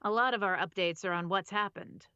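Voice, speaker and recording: A woman's voice: mid-range voice, brisk, bright, forceful tone, clear, resonant tone, no room sound, highs cut off. A woman narrating a novel on a live stream, often stopping to re-read lines and laughing at her own slips. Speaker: audiobook narrator.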